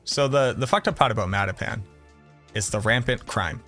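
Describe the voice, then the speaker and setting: A man's voice: mid-range voice, moderate pace, sharp tone, soft background music. A man from the Boston area with a Boston accent, chatting casually and brashly with viewers on a game livestream, swearing and joking. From Boston area, USA. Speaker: game streamer.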